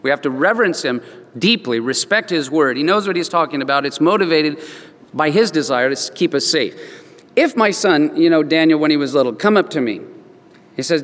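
Storytelling pastor in a reverberant hall. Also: male voice, on the high side, animated, a little fast, a bit bright. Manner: storytelling, acts out voices in quotes. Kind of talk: sermon.

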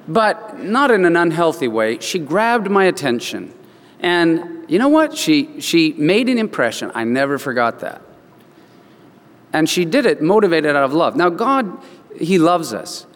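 A man's voice: fairly high pitch, very animated, a little slow, in a large hall. A man preaching a sermon, telling stories and acting out the voices of the people in them. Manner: storytelling, acts out voices in quotes. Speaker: pastor.

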